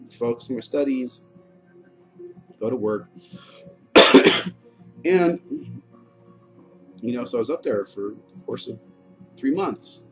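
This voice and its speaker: A man in his thirties telling his own story in a frank, halting way, full of fillers, restarts and the odd curse. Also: medium pitch. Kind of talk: candid personal monologue. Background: music playing.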